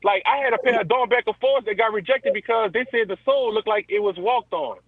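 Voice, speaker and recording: A man casually telling a story on a livestream, animated and repeating himself as he recounts what he said. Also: high-pitched, quick pace, no echo, narrow, tinny audio.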